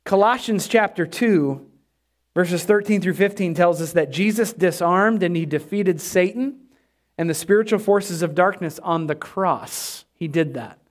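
Male pastor, high voice, lively sermon delivery with congregation asides. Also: a little slow. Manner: energetic preaching with call-and-response asides. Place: church.

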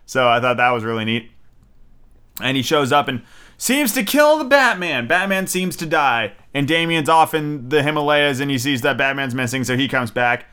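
A young man giving a casual, rambling movie review, excitable and full of fillers and swearing. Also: mid-range voice, normal speed, smooth.

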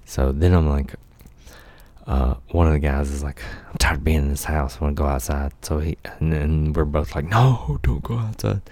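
A man's voice: very deep voice, level tone, moderate pace, a little mellow, dry recording. A middle-aged man telling a long story in a casual, profane, laid-back way, laughing often and acting out the quotes. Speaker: podcast host telling life stories.

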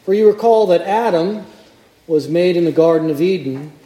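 A male priest preaching a sermon, telling the story with lively acted-out voices. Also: high voice, normal speed, reverberant. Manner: animated storytelling, acts out crowd voices. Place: church.

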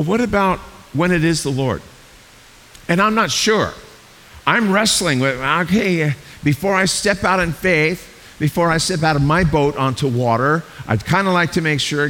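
A man preaching a sermon as a pastor, animated and acting out the voices he quotes. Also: a little high. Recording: long hall reverb with faint hiss.

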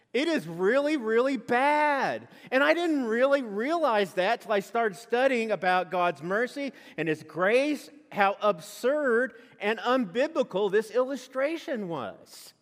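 A man's voice: sits high, unhurried. A male pastor preaching a sermon, telling stories and acting out quoted voices as he goes. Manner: animated storytelling with quoted asides. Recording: long hall reverb.

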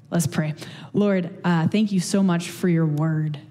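A woman's voice: on the low side, fairly even intonation, unhurried, dark tone, long reverb tail. A woman preaching a casual sermon and prayer, chatty, with many fillers and restarts.

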